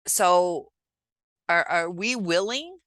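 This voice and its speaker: A woman vlogger talking to camera in a reflective, halting way, pausing often as she gives relationship advice. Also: fairly low pitch, animated, a bit bright, no room sound. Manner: reflective, halting, many pauses and filler sounds. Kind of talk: casual advice talk to camera.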